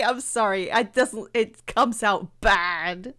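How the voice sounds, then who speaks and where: A woman's voice: medium pitch, slow pace, hardly any pauses, bright, forceful tone. A woman streaming a game live, chatting casually with viewers, laughing often and poking fun at herself. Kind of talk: casual livestream chat.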